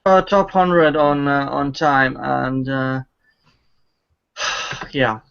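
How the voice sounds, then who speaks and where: A man's voice: mid-range voice, gravelly, fairly bright tone, clean tone, muffled recording. A man hosting a stream, talking casually and stalling often with fillers. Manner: halting, many fillers. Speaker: stream host. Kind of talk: casual chat.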